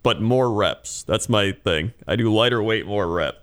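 A man's voice: fairly low pitch, measured pace, fairly bright tone. A tired man co-hosting a casual podcast, rambling in a laid-back way with many fillers. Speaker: podcast co-host.

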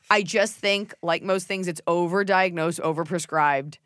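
Woman podcast host ranting, blunt and opinionated, a bit low-voiced, dry close sound. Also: fairly even intonation, normal speed, fairly bright tone, no room sound. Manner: blunt, opinionated, swears, mimics people in silly voices. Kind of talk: casual chat.

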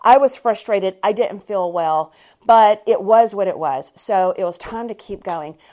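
A woman hosting a podcast, telling a story in a chatty, animated way. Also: mid-range voice, unhurried. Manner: chatty and animated, with frequent laughs. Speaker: podcast host. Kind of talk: casual storytelling monologue.

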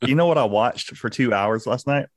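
A young Southern man with a noticeable lisp rattles through a casual anecdote at speed, laughing and cursing as he goes. His voice sits at a middling pitch, recorded close and dry. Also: dry recording. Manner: fast, rambling storyteller with frequent laughs and swearing. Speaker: podcast co-host. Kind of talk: casual chat.

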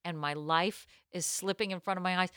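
A woman co-hosting a podcast, telling a self-mocking story in a lively, casual way. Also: fairly low pitch, brisk, clean tone, dry recording, studio quality. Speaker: podcast co-host.

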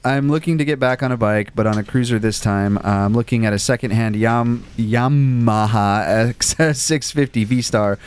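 A man's voice: medium pitch, normal speed, few pauses, a little hiss or hum. A man on a motorcycle podcast, casually reading a listener's email and stumbling over words. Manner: reads aloud loosely, stumbling and laughing over words. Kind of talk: casual chat.

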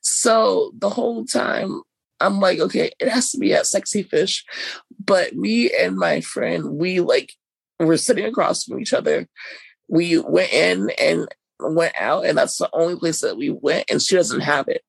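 Husky gravelly woman chatting while sick. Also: lowish voice, measured pace, dry recording, rough recording. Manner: chatty, rambling storytelling. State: sick with covid, weak voice. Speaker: podcast co-host. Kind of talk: casual chat.

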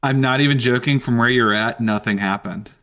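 A man narrating a tabletop game as game master in a relaxed way, with frequent ums. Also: medium pitch, a little fast, highs cut off.

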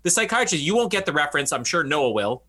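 Bright-voiced man chatting about movies. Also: a little high. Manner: laughs often, animated, does quick funny voices for quoted characters. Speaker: podcast co-host. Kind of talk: casual movie-review chat.

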